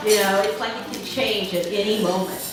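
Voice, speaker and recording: A woman's voice: mid-range voice, fairly quick, noisy background. Woman speaker, storytelling, echoey banquet hall, distant mic, clattering dishes. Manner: lively anecdotal storytelling with laughs. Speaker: keynote speaker. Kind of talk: storytelling speech to an audience.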